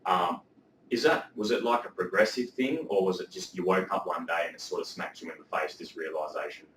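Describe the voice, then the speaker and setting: A man's voice: low-pitched, brisk, background noise. A man hosting a casual interview, laid-back and encouraging, calling his guest mate. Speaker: interview host. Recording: echoey room, mic at a distance.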